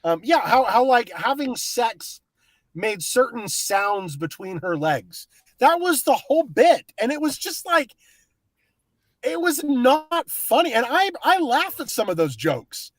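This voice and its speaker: A man joining as a guest co-host, talking in an animated, emphatic way. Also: very high voice, unhurried, no room sound.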